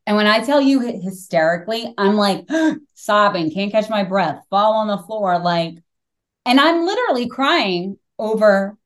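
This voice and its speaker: A middle-aged woman hosting a podcast, telling stories in casual conversation, animated and swearing freely. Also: mid-range voice, measured pace. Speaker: podcast host.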